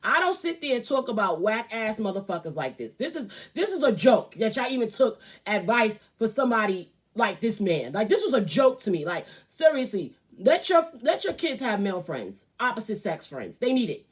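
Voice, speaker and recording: A woman with a high voice rants as a show host, cursing freely and talking bluntly. Her delivery is heated and opinionated, running from flat asides to loud outbursts. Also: normal speed, few pauses, husky. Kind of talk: ranting commentary.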